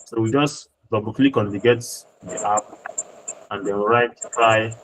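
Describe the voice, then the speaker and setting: Against a noisy background, a man with a fairly low, steady voice tutors a graphic design class at an unhurried pace. Sharing his screen, he patiently walks through each step and repeats points to make sure his students are following.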